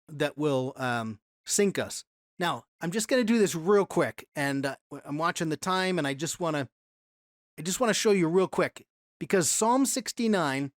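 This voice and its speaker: A man's voice: fairly high pitch, no room sound. Conversational male Bible teacher, dry sound. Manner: conversational, reads scripture aloud with emphasis, asks rhetorical questions.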